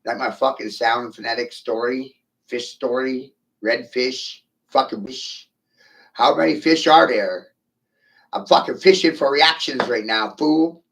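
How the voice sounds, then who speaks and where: A man's voice: medium pitch, measured pace, gravelly, fairly bright tone. A man ranting on a livestream, profane and provocative, firing rhetorical questions at his viewers. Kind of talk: rambling livestream rant.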